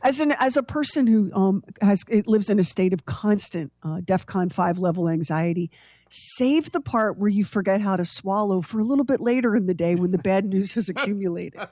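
A woman's voice: medium pitch, expressive, normal speed, warm tone, no room sound, clean studio sound. A woman co-hosting a morning radio show, chatting casually and joking with her co-host, laughing easily.

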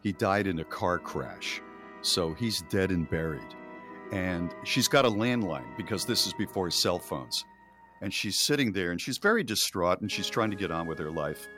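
A male radio host with a lowish voice spins a casual, animated tale for listeners. Music runs clearly under him. He slips into quick acted-out lines now and then. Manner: animated retelling with acted quotes.

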